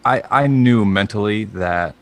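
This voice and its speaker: A man's voice: on the low side, measured pace. A man as a podcast guest chatting casually over a video call, dry and matter-of-fact with frequent filler sounds. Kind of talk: casual chat.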